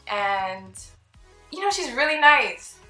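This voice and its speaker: A young woman vlogger telling a casual storytime, chatty and animated, acting out the people she quotes. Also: on the high side, slow pace. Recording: roomy with faint background music.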